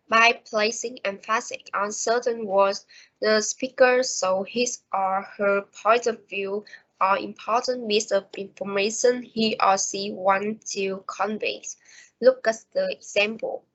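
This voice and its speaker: A young woman with a Vietnamese accent reading a class presentation slowly and carefully, with small slips and restarts. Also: medium pitch, a bit bright. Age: young adult. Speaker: student presenter. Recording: dull lo-fi home recording.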